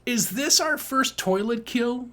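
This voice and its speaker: A man co-hosting a podcast in casual chat, crude and joking, with an animated way of talking. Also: very high-pitched, takes it slowly. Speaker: podcast co-host.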